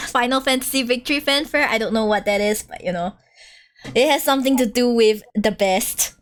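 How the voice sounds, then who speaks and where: A woman's voice: a little high, fairly quick, a little hiss or hum. A woman game streamer chatting casually during a live playthrough, giggly and full of fillers. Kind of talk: casual live-stream chat over gameplay.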